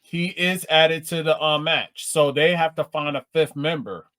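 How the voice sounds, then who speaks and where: A man's voice: a little high, unhurried, sharp tone. A man co-hosting a casual podcast chat, playful and teasing. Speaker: podcast co-host.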